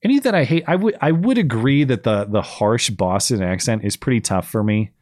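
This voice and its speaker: A man's voice: medium pitch, animated, fairly quick, a little mellow, no room sound, clean studio sound. A man hosting a call-in show, chatting casually and rambling with plenty of fillers and restarts. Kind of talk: casual chat.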